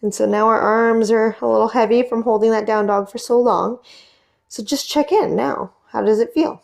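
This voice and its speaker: A young woman teaching a guided yoga class, giving gentle cues and asking encouraging check-in questions as she leads through poses. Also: fairly high pitch, moderate pace, vocal fry. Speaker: yoga instructor.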